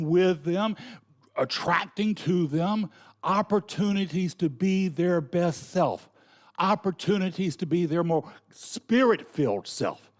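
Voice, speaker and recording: A middle-aged Southern man preaching in an easy, folksy way, earnest and chatty. His voice sits a little above the usual male pitch, and he talks the way a minister does from the pulpit. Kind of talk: sermon.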